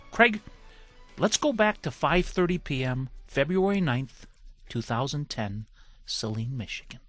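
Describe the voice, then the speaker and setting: Bright-voiced male radio host. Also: high voice. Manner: measured, introduces guest and frames questions. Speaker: radio talk show host. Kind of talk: radio interview.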